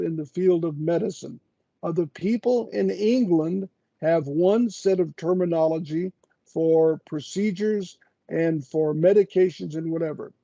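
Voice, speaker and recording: Older guy on a video call, dark voice, dry sound, slow with lots of uhs. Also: high voice, gravelly, no room sound, highs cut off. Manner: slow and halting, many drawn-out "uh"s. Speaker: guest expert answering questions. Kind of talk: webinar Q&A answer.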